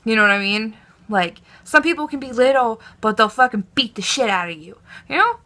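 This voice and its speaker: A young woman vlogger telling a story to camera in a casual, animated way, swearing a lot and acting out her own panic. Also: a little high, brisk.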